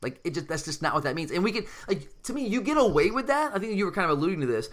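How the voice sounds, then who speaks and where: A man's voice: sits high, sing-song, racing, fairly bright tone. A man hosting a casual sports talk show, talking animatedly and emphatically, often restarting his sentences. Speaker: sports podcast host.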